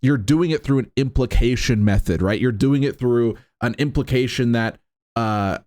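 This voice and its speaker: A man's voice: mid-range voice, moderate pace, a little mellow. A man hosting a reaction commentary, talking in an incredulous, sarcastic way and leaning on "right?" and "like" between points. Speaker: commentary host.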